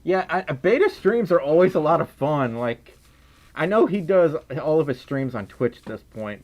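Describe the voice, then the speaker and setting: A man's voice: a little high, lively intonation, moderate pace, a little mellow. A man from Mississippi with a Southern accent, casually chatting on a livestream and reading out donations, tired, giggly and a little silly. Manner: silly and giggly, often trails off and restarts. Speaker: livestream host.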